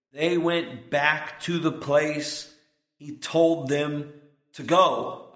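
A man preaching a sermon, slow and earnest, climbing to emphatic peaks on key points. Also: fairly high pitch, a bit bright. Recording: roomy echo.

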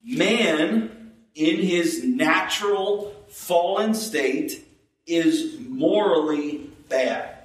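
A man preaching a sermon as pastor, slow and emphatic, repeating phrases for stress. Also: fairly high pitch, lively intonation. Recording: echoey room, distant mic.

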